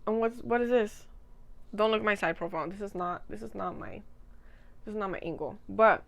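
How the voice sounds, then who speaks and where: A woman's voice: on the high side, brisk, a bit bright. Rambling giggly young woman vlogger. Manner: rambling, giggly, self-mocking. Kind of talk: casual chat.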